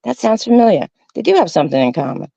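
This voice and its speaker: A woman's voice: medium pitch, very animated, fast talker, vocal fry, mellow, no room sound. A woman from the northern United States co-hosting a casual panel chat over a video call, playful and giggly. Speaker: co-host. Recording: dull, dry video-call audio.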